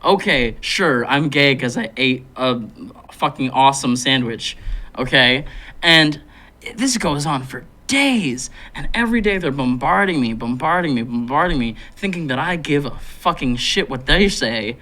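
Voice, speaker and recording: A man tells blunt, profane stories on a casual podcast, laughing loudly at his own jokes. His voice is bright and sits at a middle pitch. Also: animated, a little slow. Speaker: podcast co-host. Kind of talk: casual crude storytelling.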